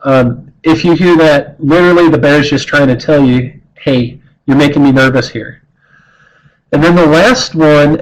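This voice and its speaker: Man, middle-aged, somewhat high-pitched, earnest, conversational, stumbling restarts, wildlife teaching. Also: poor audio. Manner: earnest, conversational, frequent restarts and repeated words. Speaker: wildlife educator. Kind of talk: informal talk on bear behavior.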